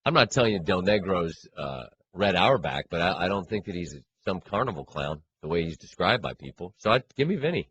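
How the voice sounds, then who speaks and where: A man co-hosting a sports radio show, bantering in an animated, self-mocking way. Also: low voice, brisk, few pauses, dull audio. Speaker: co-host. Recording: faint room hiss.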